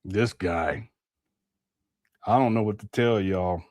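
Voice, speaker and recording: A man's voice: fairly low pitch, slow, a little mellow, dry recording, clean studio sound. A man chatting casually on a live stream, musing aloud and repeating himself as he comments. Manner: rambling, musing, with a lot of repetition.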